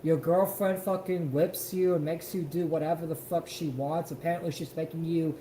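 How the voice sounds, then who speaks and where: High-voiced man ranting on a stream. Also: steady tone, normal speed, dark tone, reverberant, slight background noise, rough recording. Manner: ranting, profane, emphatic. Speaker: stream co-host. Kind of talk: casual reaction stream.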